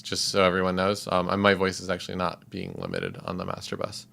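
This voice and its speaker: A man's voice: low voice, sing-song, fairly quick, creaky, loud music behind the voice. A man livestreaming as a composer, talking casually and rambling with many fillers and chuckles.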